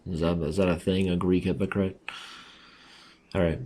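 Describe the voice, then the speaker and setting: Raspy guy talking thru his chess games, low voice, joking at himself. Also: little pitch movement, moderate pace, dark tone. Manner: chatty, self-mocking, talks through moves aloud. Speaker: chess streamer. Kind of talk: casual commentary while playing online.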